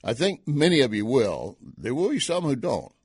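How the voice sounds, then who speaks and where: A man's voice: medium pitch, sing-song, normal speed, husky, no room sound, studio quality. A man hosting a live online talk show, giving opinionated news commentary with sarcastic asides and rhetorical questions to his viewers.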